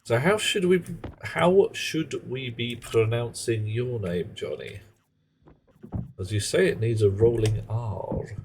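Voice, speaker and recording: A man's voice: medium pitch, takes it slowly, slight background noise. A man chatting casually on a live game stream, rambling and joking in muttered asides. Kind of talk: casual live-stream chat while gaming.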